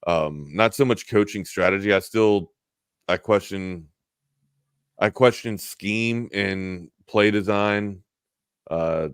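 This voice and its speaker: A man's voice: fairly low pitch, slow pace, smooth, no room sound, clean studio sound. A man co-hosting a sports talk stream in casual chat, thinking aloud with lots of restarts.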